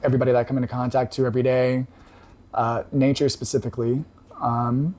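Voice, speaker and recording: A man calmly recounting a personal story in casual conversation, reflective, with frequent pauses and fillers. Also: medium pitch. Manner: reflective, halting with many fillers. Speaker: podcast guest.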